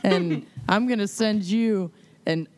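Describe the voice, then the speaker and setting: Woman podcast cohost, slow easy delivery, punny and giggly. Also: mid-range voice, darkish tone. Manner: playful, punning, laughs often. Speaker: podcast co-host. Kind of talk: casual chat reading patron shout-outs.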